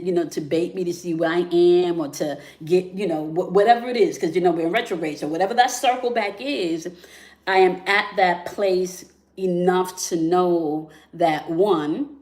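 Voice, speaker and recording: A woman's voice: on the low side, darkish tone, echoey room. A woman hosting a spiritual relationship talk in a casual, conversational way, often checking in with "right?" and "okay?". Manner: conversational, many fillers and "right?" tags. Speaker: spiritual relationship channel host.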